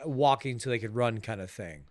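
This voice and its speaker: A man's voice: mid-range voice, expressive, darkish tone, no room sound. Brief: male podcast co-host, dry close sound, joking banter. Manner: joking, quick quips. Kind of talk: casual film podcast chat.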